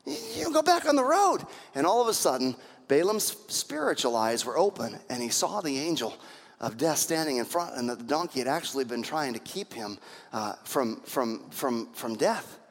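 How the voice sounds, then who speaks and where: A man preaching a sermon, telling scripture stories in an animated way and acting out the voices of the people in them. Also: mid-range voice, moderate pace, long reverb tail. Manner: animated storytelling with acted-out voices. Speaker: pastor.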